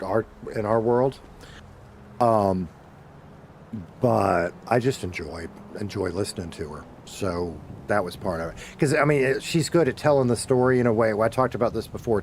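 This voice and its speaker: A man's voice: on the low side, darkish tone, a little hiss or hum. Rambling swearing male streamer. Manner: rambling, self-correcting, swears casually. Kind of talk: casual chat while gaming.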